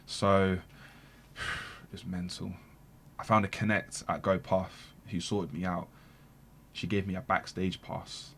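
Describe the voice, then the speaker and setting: Low-pitched male guest, animated slangy storyteller. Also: takes it slowly, long pauses, breathy edge. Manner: animated, slangy, repeats words for emphasis. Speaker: podcast guest. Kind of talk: casual storytelling.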